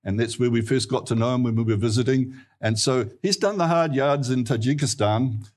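A male pastor with a New Zealand accent delivers a sermon in a husky, slightly breathy voice at a middling pitch. He tells his stories earnestly and lifts his pitch to stress a point. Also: brisk, darkish tone.

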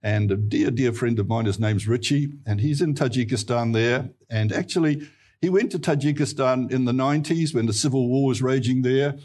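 Kiwi pastor guy preaching, kinda husky voice, earnest storytelling. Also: medium pitch, normal speed, darkish tone. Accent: New Zealand. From New Zealand. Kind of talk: sermon.

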